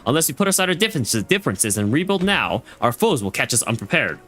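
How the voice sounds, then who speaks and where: A man's voice: mid-range voice, sing-song, fast, a bit bright, soft background music. A man reading a stern female fleet admiral's dialogue aloud from a game, stumbling over names and lines as he goes. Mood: solemn.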